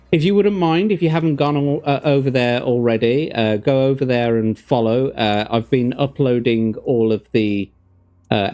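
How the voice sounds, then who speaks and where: A man's voice: medium pitch, darkish tone. A man, hosting a livestream as game master, chatting with viewers and reading gamebook passages aloud. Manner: chatty, laughs easily, talks to his chat.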